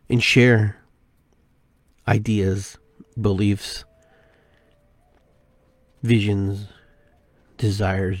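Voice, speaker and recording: A man hosting a spiritual podcast, talking in an unhurried, musing way and repeating phrases with shifting inflection. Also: fairly low pitch, darkish tone, no echo. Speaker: podcast host. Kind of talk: reflective spiritual monologue.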